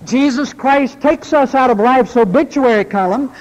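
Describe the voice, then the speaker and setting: A man preaching a sermon, reading scripture and then telling an illustration story with dramatic pauses. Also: extremely high pitch, darkish tone. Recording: long hall reverb.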